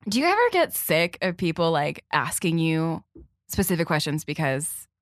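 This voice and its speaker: A woman's voice: low voice, big pitch swings, moderate pace, dry recording, studio quality. A woman hosting a podcast, chatting casually with a guest and laughing easily. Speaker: podcast host. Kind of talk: casual interview chat.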